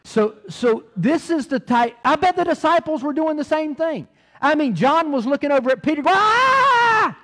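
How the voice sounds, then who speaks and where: A middle-aged man preaching a sermon, animated, repeating words and swinging between loud and soft. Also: very high voice, normal speed. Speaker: pastor.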